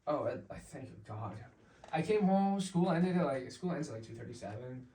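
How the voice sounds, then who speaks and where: In a warm, slightly high voice, a young adult DJ guesting on a podcast tells an animated story at normal speed, peppering it with "like" and imitating others' voices. The echoey room, distant mic, and faint hiss are audible.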